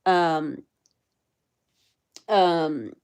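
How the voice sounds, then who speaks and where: A woman's voice: low-pitched, drawn-out words, clear, resonant tone. A woman casually recapping a court hearing on a livestream, chatty, with many fillers, reading the chat as she goes. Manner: chatty, many fillers, reads chat aloud, quotes people in animated voices.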